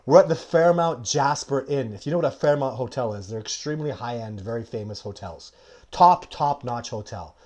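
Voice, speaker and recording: A man hosting a live stream, talking in a loose, chatty way and breaking off mid-sentence to greet viewers by name. He tells his story animatedly and laughs often. His pitch sits in an ordinary middle range. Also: a little fast. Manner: animated anecdote telling with frequent laughter. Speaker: live show host.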